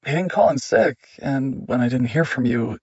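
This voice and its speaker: Worried coworker guy, earnest and pushy, husky voice, dull lo-fi audio, read by a male narrator. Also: medium pitch, moderate pace, a little mellow, no room sound, close to an everyday voice. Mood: urgent. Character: worried male teacher colleague.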